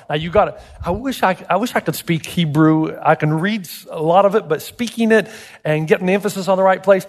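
Animated male pastor with a high voice. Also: brisk, big-room sound. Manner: animated, emphatic, asks the congregation rhetorical questions. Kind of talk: sermon. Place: church.

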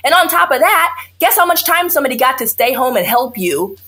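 Speaking briskly in a high, husky voice, an OB-GYN guest gives a candid interview. She's blunt, animated and sarcastic, often imitating her patients' words.

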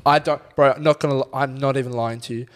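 A man's voice: medium pitch, steady tone, quick pace. Young guy co-host, crude, chatty storyteller, swears a lot. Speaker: podcast co-host. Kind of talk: casual chat.

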